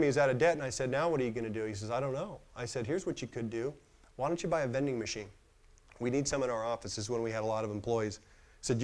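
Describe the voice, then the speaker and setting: Man telling a story with energy. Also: mid-range voice. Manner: animated storyteller acting out quoted dialogue. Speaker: speaker. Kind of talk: storytelling talk.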